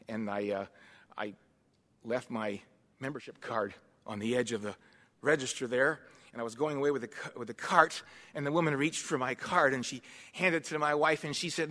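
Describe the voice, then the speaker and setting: A man in his fifties preaching a sermon, swinging from quiet asides to loud, emphatic passages. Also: a little high, expressive, normal speed, pauses often. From United States. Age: 50s. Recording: long hall reverb.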